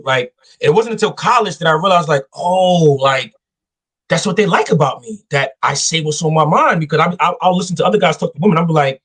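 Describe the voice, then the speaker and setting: Husky guy host, kinda high voice, animated storyteller doing the voices. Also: fairly quick. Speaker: show host. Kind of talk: casual dating advice talk.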